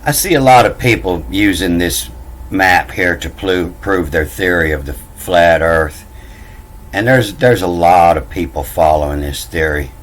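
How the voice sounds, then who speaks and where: A man's voice: sits low, poor audio. A man casually explaining old words from scripture, meandering, often repeating himself and saying "you know.". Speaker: self-taught bible language commentator. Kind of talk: casual rambling explainer talk.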